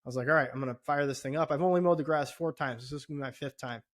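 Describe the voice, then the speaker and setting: A man's voice: medium pitch, rapid-fire. A middle-aged man co-hosting a podcast, telling a story casually with lots of swearing, his voice climbing sharply when he gets indignant. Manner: animated, swears often, voice rises when indignant. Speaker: podcast co-host.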